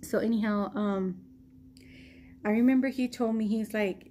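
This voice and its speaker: A woman's voice: medium pitch, normal speed, long pauses, slight background noise. An American woman vlogging a personal story in a casual way, acting out what people said. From United States. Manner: animated retelling, acting out quoted lines.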